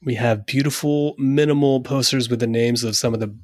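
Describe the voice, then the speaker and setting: A man's voice: mid-range voice, steady tone, darkish tone, no room sound. A French-born man co-hosting a podcast, talking in loose, casual chat and laughing easily between points. His voice sits in an ordinary middle range. The recording is dry and close, with no room sound. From France. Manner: chatty, laughs often, quick asides. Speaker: podcast co-host.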